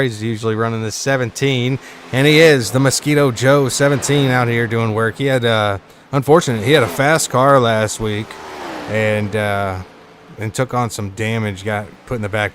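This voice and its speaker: A man's voice: medium pitch, fairly bright tone, slight background noise. A man commentating a live sim racing stream in a casual, chatty way, reading viewer chat aloud between points updates.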